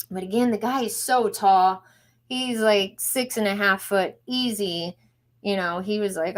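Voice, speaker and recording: A young woman live streaming, chatting casually to her viewers as she reacts to videos. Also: medium pitch.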